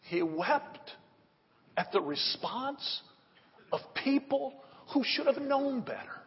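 A man preaching a sermon, swinging between loud emphatic rises and hushed drops. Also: very high-pitched, expressive, takes it slowly, big-room sound, highs cut off, slight background noise. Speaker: pastor.

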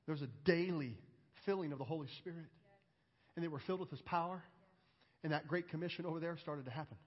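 A man preaching a sermon as pastor, earnest and emphatic, building intensity and then dropping low. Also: animated, fairly quick, long pauses, breathy edge. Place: church sanctuary. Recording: muffled recording with long hall reverb.

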